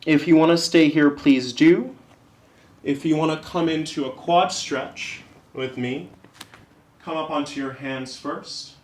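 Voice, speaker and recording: A man leading a yoga class, giving calm, encouraging step-by-step cues. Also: on the high side, measured pace, reverberant. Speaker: yoga instructor.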